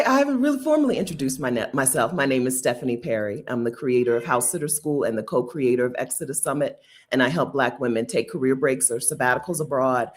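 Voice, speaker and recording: A woman hosting a casual livestream, chatty and playful, laughing often and answering viewer comments. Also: extremely low pitch. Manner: chatty with many asides and restarts. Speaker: livestream host.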